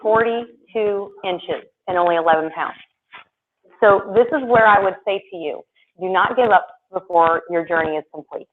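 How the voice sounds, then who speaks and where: Woman presenter, lively sales talk, tinny phone-like stream, faint hiss. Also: medium pitch. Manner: chatty and animated, acts out quoted voices. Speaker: product presenter. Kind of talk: sales presentation to a live audience.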